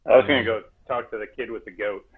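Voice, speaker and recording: Brief: man player over a tinny phone-like line, husky voice, wry. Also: on the low side, fairly even intonation, fast talker. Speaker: tabletop game player. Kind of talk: casual chat.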